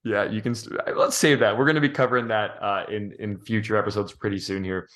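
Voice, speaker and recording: A man co-hosting a podcast, thinking out loud in a rambling, thoughtful way with many restarts. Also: on the low side, fairly even intonation, brisk. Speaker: podcast co-host. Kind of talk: casual podcast chat.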